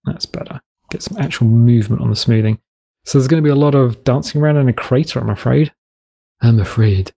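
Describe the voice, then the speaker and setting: Rambling British man with a gravelly voice. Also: mid-range voice, quick pace, mellow. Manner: rambling, self-deprecating, digressive. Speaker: gaming video host. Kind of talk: rambling let's-play commentary.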